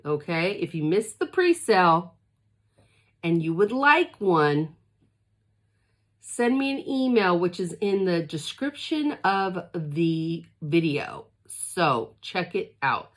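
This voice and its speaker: A woman's lowish voice moves slowly with big pitch swings as she chats excitedly through an unboxing. She's a product consultant vlogger from the Los Angeles area, emotional and gushing as she talks to her viewers.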